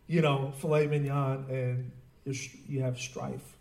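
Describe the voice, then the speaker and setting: A man preaching a sermon in a relaxed, conversational way, with many fillers and restarts. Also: fairly high pitch, moderate pace. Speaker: pastor. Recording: roomy echo, voice from a distance.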